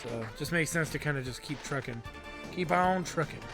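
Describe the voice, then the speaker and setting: Laid-back gravelly game commentator. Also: male voice, fairly high pitch, normal speed. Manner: laid-back, chatty asides. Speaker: let's play host. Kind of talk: casual gameplay commentary. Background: game music.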